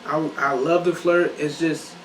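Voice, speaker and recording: High-voiced playful young man in an echoey room. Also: little pitch movement, measured pace, a bit bright, recorded from a distance. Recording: echoey room, mic set back, faint hiss.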